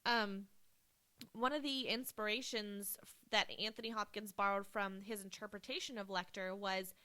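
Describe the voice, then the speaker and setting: A woman co-hosts a casual film podcast with a bright, forward voice. She talks with gushing enthusiasm, leaning on "like" and "um" as she goes. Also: mid-range voice, steady tone, normal speed, clear, resonant tone. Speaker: podcast co-host. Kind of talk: casual movie podcast chat.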